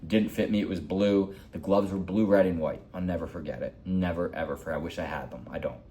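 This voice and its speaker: A man's voice: low voice, brisk, mellow, slight background noise. A man in his forties telling a heartfelt personal story in a rambling, repetitive way. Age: 40s. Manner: rambling, heartfelt, repeats himself. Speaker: hockey vlogger.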